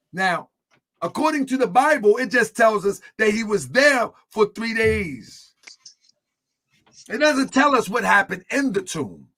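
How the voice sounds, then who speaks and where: A man giving a religious teaching, retelling a story in an animated way with many fillers. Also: sits high.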